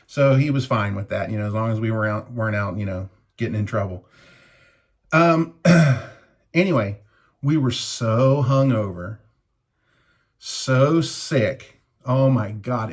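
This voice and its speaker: A man in his fifties rambling through an anecdote while shaving, chuckling as he reviews shaving gear. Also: medium pitch. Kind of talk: casual vlog storytelling while shaving.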